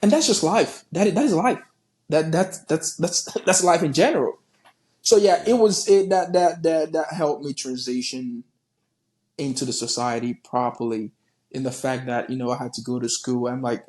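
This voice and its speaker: A Nigerian-born man talking in a loose, animated podcast chat, his voice sitting a touch higher than most men's. He swears freely and stumbles over repeated words as he makes his point. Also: normal speed. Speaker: podcast guest.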